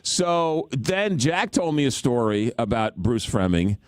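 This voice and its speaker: A man hosting a radio talk show, telling a story in an animated, self-mocking way. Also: mid-range voice, measured pace, no echo.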